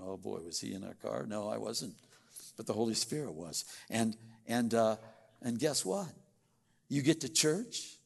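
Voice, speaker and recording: A man preaching a sermon in church, folksy, acting out little everyday scenes in quick voices. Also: mid-range voice, creaky. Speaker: pastor.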